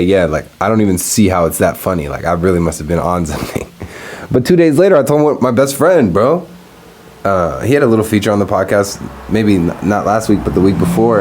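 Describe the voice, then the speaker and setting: A man's voice: sits low, a little mellow. A man hosting a solo podcast, talking loosely and profanely while smoking and telling stories. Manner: loose, profane, storytelling with laughs. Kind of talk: casual solo podcast rant.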